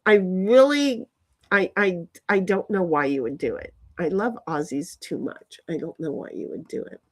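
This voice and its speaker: A woman vlogging outdoors on a phone, chatting in a meandering way with many restarts and sudden excited leaps in her voice. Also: fairly low pitch, normal speed. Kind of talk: rambling casual monologue. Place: outdoors in a yard.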